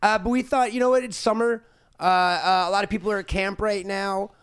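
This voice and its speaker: A man's voice: high-pitched, steady tone, brisk, fairly bright tone, smooth. A man from Long Island, hosting a podcast in jokey, rambling banter. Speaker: podcast host. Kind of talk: casual chat.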